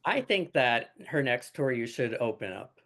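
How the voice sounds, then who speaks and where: A man from New Jersey hosts a relaxed podcast interview. He talks in a chatty, rambling way and leans on fillers and restarts, and his voice sits in a middle range for a man. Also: medium pitch, moderate pace. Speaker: podcast host. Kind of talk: casual interview chat.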